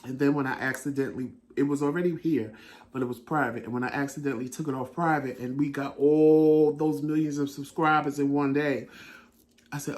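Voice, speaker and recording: A middle-aged man telling stories in a casual chat as a talk show co-host, lively and laughing, acting out what he said. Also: fairly high pitch, brisk. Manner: animated, laughing storyteller who acts out his own quotes. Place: home living room.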